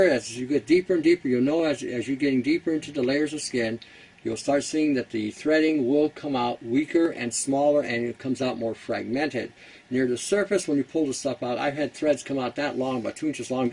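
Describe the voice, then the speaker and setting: A man's voice: mid-range voice, darkish tone, breathy edge, distant mic, poor audio. A Canadian man hosting a casual how-to talk, blunt and rambling, who laughs at his own jokes. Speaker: host.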